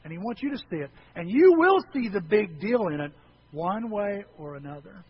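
A man preaching a sermon to his church, swinging between hushed asides and loud, animated outbursts. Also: high-pitched, moderate pace, muffled recording, a little hiss or hum. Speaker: pastor.

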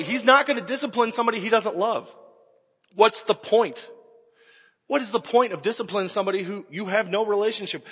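A man in his forties preaching a sermon, telling stories with animated swings and sudden shouts. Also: sits high, fairly quick, slightly rough. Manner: animated storytelling, bursts into shouts. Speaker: pastor. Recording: echoey hall with long reverb.

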